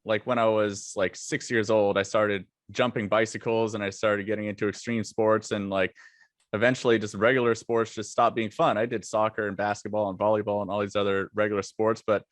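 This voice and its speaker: A man guest on a podcast, telling his own story in a relaxed, reflective way with plenty of "like" fillers. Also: fairly low pitch, brisk, no echo. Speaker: podcast guest, former longboard racer. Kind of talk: casual interview talk.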